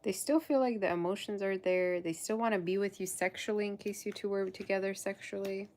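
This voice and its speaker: A woman's voice: mid-range voice, steady tone, a little fast, a little mellow, a little hiss or hum. A woman doing a live tarot reading in a loose, chatty way, full of fillers and calling the listener "girl". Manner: loose, fillers and half-sentences. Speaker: tarot reader.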